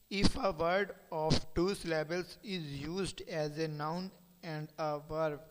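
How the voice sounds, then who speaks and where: A man teaching a lesson by slow dictation, reading points aloud and spelling words out letter by letter. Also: on the high side, smooth, big-room sound, poor audio.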